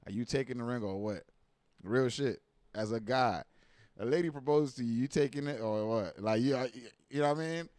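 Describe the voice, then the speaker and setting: A man giving casual reaction commentary, animated and profane, full of slang and repeated asides like "you know what I mean.". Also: mid-range voice, moderate pace, dry recording.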